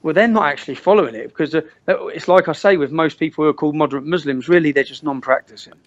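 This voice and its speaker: A man from the tells his side with lively, stumbling energy, circling back and repeating himself. His voice sits a little higher than most men's. The call audio is dull and lo-fi. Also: fast talker. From Luton, England. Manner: animated storyteller with many restarts and repeated words. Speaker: interview guest. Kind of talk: casual interview chat.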